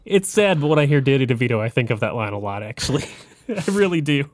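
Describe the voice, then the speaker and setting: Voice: mid-range voice, animated, quick pace, dry recording. A podcast co-host chatting enthusiastically about a TV episode, laughing easily and chiming in with short reactions. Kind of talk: casual chat about a TV episode.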